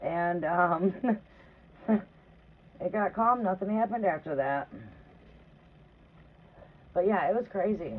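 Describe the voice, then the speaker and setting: A woman's voice: lowish voice, slow pace, long pauses. A woman hosting a tarot live stream from her trailer home, chatting casually and telling rambling, profane stories. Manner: rambling, profane, conversational, often asks "right?". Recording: tinny phone-like audio with faint noise.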